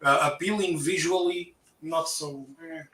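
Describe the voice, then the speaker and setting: A man's voice: a little high, steady tone, unhurried, pushed and bright. A man with a Portuguese accent, a native Portuguese speaker, who talks carefully and hesitantly with many fillers. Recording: echoey room, faint background noise.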